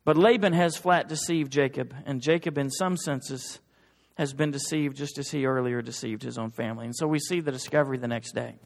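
A man preaching a sermon to his church in an earnest, emphatic way that builds to forceful exhortation. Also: mid-range voice, a little fast, vocal fry, in a large hall. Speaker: pastor. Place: church sanctuary.

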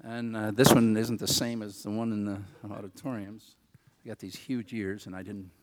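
An older man preaching a sermon as a rambling story, folksy and self-deprecating, with quick asides to the congregation and a rural turn of phrase. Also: lowish voice, level tone, very noisy. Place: church auditorium. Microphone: handheld or headset mic.

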